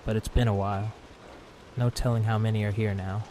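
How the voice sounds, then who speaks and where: A man voicing a gentle elderly female centaur, polite and soft-spoken, in a narrated horror story. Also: lowish voice, flat delivery, a little fast, slight background noise, lightly acted. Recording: clear rain sounds behind voice.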